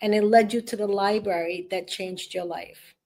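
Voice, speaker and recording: Podcast host lady, middle pitch, keeps cheering her guest on. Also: steady tone, moderate pace, darkish tone. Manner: encouraging, affirming. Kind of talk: conversational interview.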